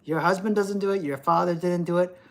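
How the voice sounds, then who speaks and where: A man's voice: high voice, fairly quick, creaky. A middle-aged man ranting profanely and lecturing on a livestream. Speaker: livestream host. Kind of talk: livestream rant.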